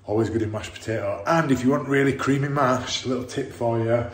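A man's voice: medium pitch, a little fast, husky, no echo. A man, chatting to camera from his car in an upbeat, coach-like way. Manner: upbeat, motivational coaching talk. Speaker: vlogger and dad. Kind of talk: casual vlog chat to camera. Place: in a car on the school run.

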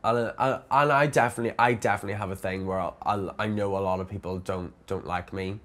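A young man, a drag performer telling his own story in a documentary interview, halting and repeating words with many fillers. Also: lowish voice, fairly even intonation, fairly bright tone.

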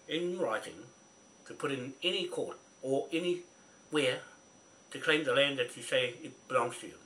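Bright-voiced angry New man ranting. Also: medium pitch, slight background noise. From New Zealand. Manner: confrontational, scolding, repetitive. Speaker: vlogger. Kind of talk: angry rant to camera.

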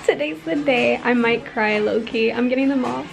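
A woman's voice: a little high, normal speed, gravelly, music in the background. A young woman vlogging casually, chatty and giggly, talking with a slight lisp from her retainers. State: pregnant. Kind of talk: casual vlog chat.

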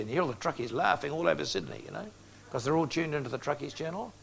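A man's voice: fairly high pitch, lively intonation, racing, creaky, a bit bright, husky. A man in his sixties preaching an evangelistic sermon, speaking directly to his audience and telling stories with acted-out dialogue. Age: 60s. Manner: direct, storytelling, acts out dialogue.

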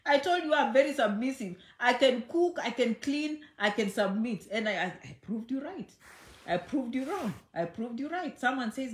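A woman hosts a casual livestream chat from home in a slightly high, expressive voice at normal speed. As a social media host she is chatty and affectionate, often checking in with "okay." The room is echoey.

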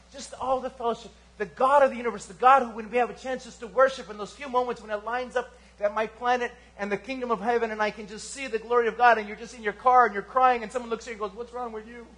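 A man preaching a sermon as pastor at a church service, swinging from fervent emphasis to hushed, quiet lines. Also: high voice. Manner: animated preaching with sudden quiet drops.

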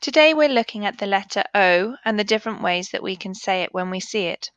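A woman teaching a children's phonics lesson, sounding out letters and words slowly and clearly. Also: medium pitch, expressive, fairly bright tone, dry recording, highs cut off.

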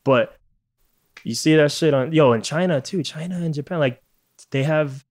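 A man's voice: on the high side, normal speed, a little mellow. A man from Puerto Rico hosting a casual podcast, ranting with lots of swearing and frequent laughter. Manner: profane, ranting, laughs often. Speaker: podcast host.

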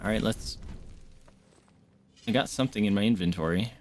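A man streaming a game and commenting live, excitable, yelping and swearing as he plays. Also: on the low side, moderate pace, slight background noise. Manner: excitable, yelps and swears mid-fight. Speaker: gaming streamer.

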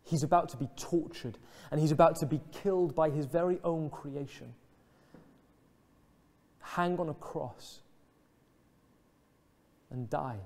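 A man preaching a sermon in an earnest, reflective way, dropping soft and slow on emotional lines. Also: on the high side. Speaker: pastor. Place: church.

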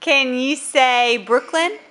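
A woman's voice: sits high, slow pace, bright, forceful tone, a little hiss or hum. A young woman filming her small children at home on a phone, coaxing them with encouraging questions. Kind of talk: casual home video. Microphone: phone camera held while filming.

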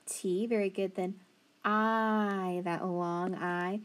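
A woman teacher giving a phonics lesson to young children, sounding out letters slowly and praising answers with a patient, encouraging manner. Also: mid-range voice, steady tone.

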